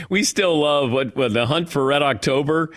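A man's voice: a little high, dry recording, studio quality. A man hosting a sports radio show, chatting casually, laughing and taking callers. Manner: lively, laughs often, takes calls. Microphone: studio mic.

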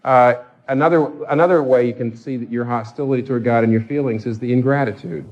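A man delivers a sermon in a middle-pitched voice, pressing the congregation with one rhetorical question after another. His delivery is impassioned and earnest. The recording sounds dull and lo-fi. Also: fast, darkish tone. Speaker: pastor.

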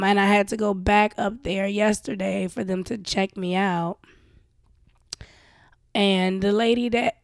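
A woman's voice: mid-range voice, creaky, darkish tone, no echo, studio quality. Sick, coughing young woman venting. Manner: venting, profane, addresses listeners as y'all. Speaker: show host. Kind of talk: candid casual monologue.

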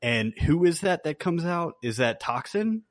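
A man's voice: on the high side, big pitch swings, unhurried. A man co-hosting a podcast in casual chat, laid-back and hesitant with plenty of fillers. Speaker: podcast co-host.

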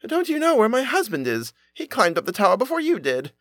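A man voicing the sexton's frantic middle-aged wife, shrill and accusing. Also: wildly swooping pitch, fairly quick, a bit bright, dry recording, faint music behind, full character voice. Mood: worried.

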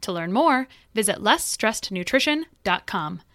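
A woman's voice: medium pitch, expressive, measured pace, fairly bright tone, dry recording, studio quality. An American woman hosting a podcast interview, chatty and giggly, who wanders into side notes. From United States. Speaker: podcast host. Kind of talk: casual conversational interview.

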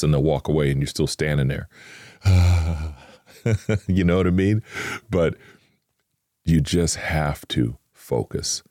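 Brief: earnest man teaching scripture casually, mellow and very low, dry close sound. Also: dry recording. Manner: earnest, conversational, with emphatic asides; acts out worried inner voices. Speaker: Christian podcast host. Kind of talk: informal devotional teaching.

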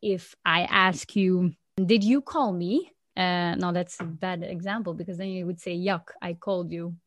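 A woman from Flanders, a Dutch speaker, chatting lively as a podcast co-host, laughing often and restarting sentences. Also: medium pitch, dry recording, studio quality. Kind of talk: casual explanatory chat.

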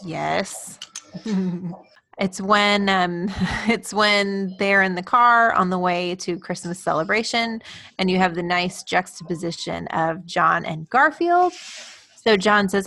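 A woman's voice: fairly low pitch, takes it slowly, creaky, bright, forceful tone. A woman co-hosting a casual podcast chat, speaking enthusiastically and giggling. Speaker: podcast co-host.

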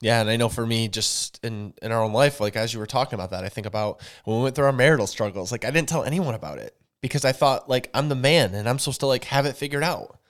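A man's voice: medium pitch, quick pace, hardly any pauses. A man, co-hosting a podcast in casual talk, earnest and emphatic, repeating words to drive a point home. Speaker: podcast co-host.

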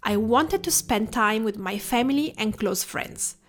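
A woman from Tuscany with an Italian accent, hosting her podcast in a gentle, reflective scripted narration. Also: fairly high pitch, lively intonation, measured pace. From Tuscany, Italy. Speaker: podcast host.

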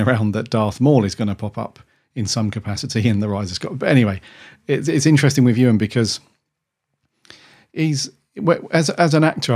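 A man's voice: mid-range voice, darkish tone. A man co-hosting a podcast in casual chat, rambling enthusiastically with frequent restarts. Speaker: podcast co-host.

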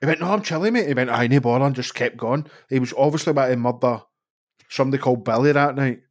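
A man with a Glasgow accent hosting a podcast, telling a short anecdote in relaxed chat. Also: medium pitch, fast talker. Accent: Scottish, Glaswegian. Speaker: podcast host. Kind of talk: casual chat.

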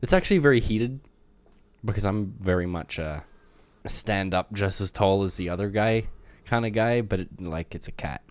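Young aussie guy, low voice, dry deadpan storytelling, swears a lot, dead dry sound. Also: normal speed, no echo. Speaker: podcast co-host. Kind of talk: casual chat.

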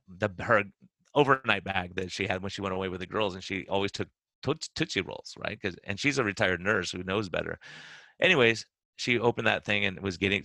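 A man hosting a podcast as a weight-loss coach, telling client stories in a casual, animated way and acting out their words. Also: low-pitched, vocal fry, no room sound.

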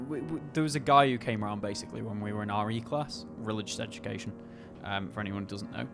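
A man's voice: lowish voice, fairly even intonation, fast, vocal fry, music in the background. A young English man co-hosting a podcast, telling funny stories in a casual, sweary, joking way. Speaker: podcast co-host. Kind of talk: casual chat, storytelling.

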